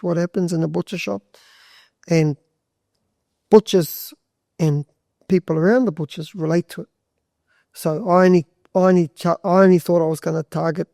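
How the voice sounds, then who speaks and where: On the high side and a little mellow, the voice of this podcast guest comes through a dry, clean studio recording. A butcher and charity walker, he tells stories casually and ramblingly, full of swearing and sentence restarts.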